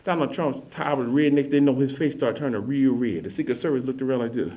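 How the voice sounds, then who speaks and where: A man's voice: mid-range voice, quick pace. A man telling a rambling, repetitive comic story to an audience. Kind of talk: comedic story monologue. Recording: dull lo-fi recording.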